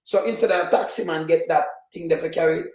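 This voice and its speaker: A man with a Jamaican accent cuts in animatedly, speaking Patois in casual talk. His voice is fairly high for a man. The room around him is echoey. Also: steady tone, brisk, a little mellow. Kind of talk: casual chat.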